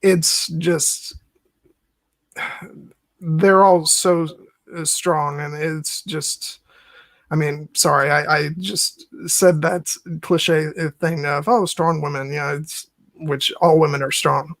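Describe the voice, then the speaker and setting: Halting male podcast host, dry sound. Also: fairly high pitch, steady tone, a bit bright, dry recording. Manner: halting, many fillers and restarts, chuckling. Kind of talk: casual film discussion podcast.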